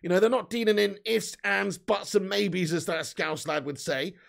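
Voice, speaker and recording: Gravelly, high-voiced English man chatting live. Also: fairly even intonation, normal speed. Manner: chatty, reads viewer comments aloud, swears casually. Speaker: livestream host reading chat. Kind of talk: casual live chat.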